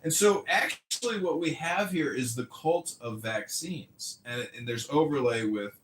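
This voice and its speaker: A man's voice: on the high side, expressive, unhurried. A man ranting casually as a podcast host, rambling, profane and mocking. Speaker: podcast host and mayoral candidate. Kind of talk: casual rant. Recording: echoey room with faint ambient noise.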